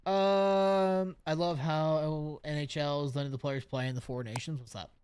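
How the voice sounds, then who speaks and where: A man chatting casually while streaming a baseball video game, with a New York accent and a habit of swearing and reacting loudly to plays. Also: a little high, fairly even intonation, a little fast, a little hiss or hum. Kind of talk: casual gaming stream chat.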